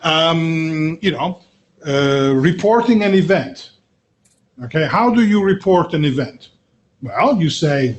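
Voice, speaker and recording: A middle-aged man giving a university lecture, often checking in with "okay?" and "right?" and pausing on filler sounds. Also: medium pitch, expressive, slight background noise. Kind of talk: classroom lecture.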